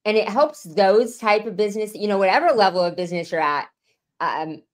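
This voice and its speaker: A woman's voice: mid-range voice, a little fast. Woman podcast host chatting. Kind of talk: casual interview chat.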